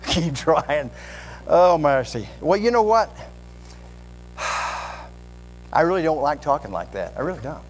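A man's voice: a little high, sing-song, slow, pauses often, slight background noise, rough recording. A man preaching as a guest pastor, candid and self-deprecating, with conversational asides. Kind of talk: sermon.

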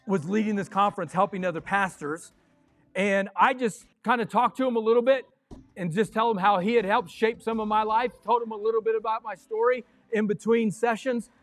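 A man preaching a sermon as pastor of his church, excitable and fiery, breaking into yells. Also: high voice, no echo. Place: church sanctuary.

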